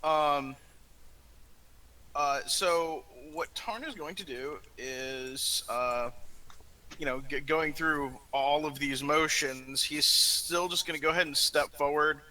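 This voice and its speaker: A man's voice: on the high side, slow pace, sharp tone, low-quality recording. A man playing in a tabletop game, talking through his moves in a hesitant, thinking-aloud way. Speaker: player.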